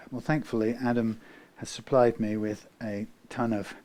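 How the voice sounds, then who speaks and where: Mellow man rambling aloud while working. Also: mid-range voice, little pitch movement, a little slow. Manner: rambling, thinking aloud, trails into quiet muttering. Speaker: guitar technician. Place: guitar workshop.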